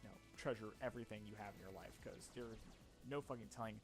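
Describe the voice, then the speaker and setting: A man's voice: lowish voice, quick pace, over music. A young man in his twenties giving casual gameplay commentary, rambling and self-mocking with frequent swearing. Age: young adult. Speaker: let's play commentator.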